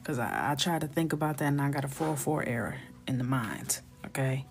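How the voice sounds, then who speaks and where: A woman's voice: rumbling low, animated, fairly quick, vocal fry, soft background music. A middle-aged woman hosting a coloring livestream, chatting casually and jokingly while reading viewer comments. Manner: chatty, joking, reads chat aloud.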